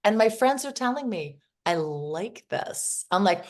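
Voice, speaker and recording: A woman speaking as a podcast guest. She tells personal stories earnestly, slipping into the voices of the people in them, and her pitch is an everyday middle. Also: lively intonation, a little slow, darkish tone. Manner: earnest storyteller who acts out the other people in her anecdotes. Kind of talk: casual conversational interview.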